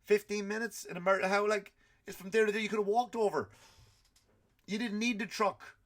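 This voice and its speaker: A man's voice: high-pitched, brisk. A middle-aged man hosting a comedy podcast, ranting in an exasperated, profane way and acting out quotes. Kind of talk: comic rant.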